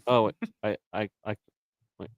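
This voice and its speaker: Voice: medium pitch, fairly even intonation, moderate pace, dry recording, clean studio sound. A livestream host chatting casually, playful and teasing, often breaking into laughter. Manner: playful, teasing, easily cracks up. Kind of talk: casual chat.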